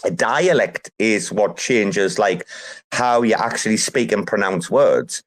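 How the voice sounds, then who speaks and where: A man hosting a casual group chat, talking in an animated, emphatic way and swearing casually. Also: lowish voice, slow. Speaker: host.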